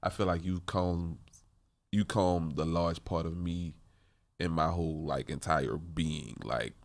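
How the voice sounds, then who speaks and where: A man's voice: low-pitched, fairly even intonation, a little slow, gravelly. A man hosting a podcast, talking in a laid-back, slangy, casual way. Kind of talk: casual chat.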